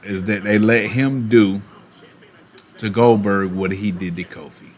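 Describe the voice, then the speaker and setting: A man streaming and chatting casually, animated, with quick asides and laughs. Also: on the low side. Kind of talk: casual chat while opening cards.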